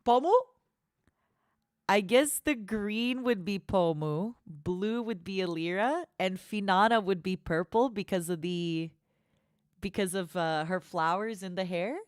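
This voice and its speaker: A woman's voice: medium pitch, measured pace, clean tone, no room sound, studio quality. A woman streamer hosting a watchalong in casual livestream chat, playful and affectionate, calling her viewers honey.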